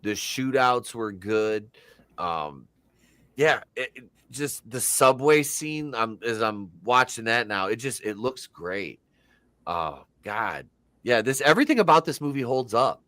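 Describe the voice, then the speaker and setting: A man co-hosting a casual movie discussion in an easygoing, unhurried way. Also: medium pitch, expressive, pushed and bright, no echo.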